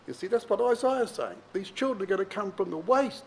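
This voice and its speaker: A man's voice: lively intonation, brisk, vocal fry, poor audio. A man teaching a sermon, reading old-style scripture verses and explaining them directly to his listeners with emphasis. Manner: reads King James verses then explains them plainly to the congregation; emphatic, varies pitch and pace widely for emphasis. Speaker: Bible teacher.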